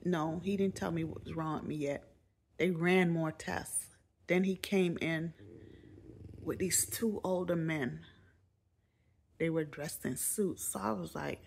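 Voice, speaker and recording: Gravelly-voiced woman telling a story. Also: fairly low pitch, unhurried, a little hiss or hum. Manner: animated, jokey, quoting others in raised voices. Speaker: vlogger. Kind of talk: casual storytelling.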